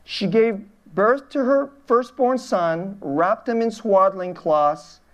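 A woman's voice: medium pitch, lively intonation, takes it slowly, lo-fi sound. A middle-aged woman pastor giving an informal children's sermon in a church, asking the congregation questions and laughing often.

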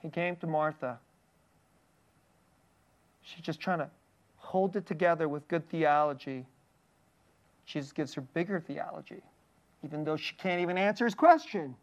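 A preacher giving a sermon, reading scripture aloud and explaining it in an earnest manner, often sinking to a soft, hushed voice. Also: mid-range voice, moderate pace, long pauses.

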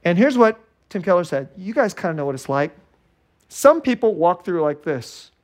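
A male pastor preaching a sermon in an animated way, acting out little scenes and laughing often. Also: high-pitched, moderate pace. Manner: animated, acts out scared and joyful voices, laughs often.

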